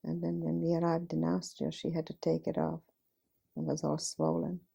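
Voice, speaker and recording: Gravelly woman in her fifties. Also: low voice, monotone, normal speed, dark tone. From Hungary. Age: 50s. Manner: plain, direct storytelling, often repeats "I says". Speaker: Holocaust survivor giving testimony. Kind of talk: recounting personal testimony.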